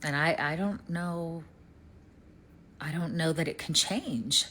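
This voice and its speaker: Worried Southern woman, lower pitch. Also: slow pace, pushed and bright, slight background noise. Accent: Southern American. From East Tennessee, United States. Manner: worried, rambling, trails off to near-whispers. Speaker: vlogger. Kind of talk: casual personal vlog. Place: rented home in Canada.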